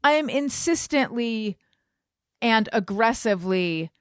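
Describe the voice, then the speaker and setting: Woman cohost telling a story, higher voice, big swoopy pitch, dry close sound. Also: a little slow, clean tone, no room sound. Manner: animated storytelling, acts out quotes loudly. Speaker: podcast co-host. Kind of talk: casual chat.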